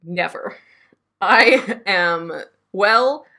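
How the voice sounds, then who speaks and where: A woman co-hosting a podcast in casual chat, animated and joking, often laughing. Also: mid-range voice, extremely slow. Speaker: podcast co-host.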